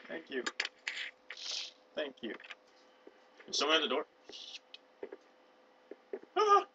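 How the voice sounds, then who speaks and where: A young man commentating a co-op video game, excitable and joking, on a headset mic. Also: on the high side, slow, pauses often. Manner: excitable, yelps and jokes. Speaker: co-op gameplay commentator. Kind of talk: casual let's play chat. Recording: noisy game audio behind.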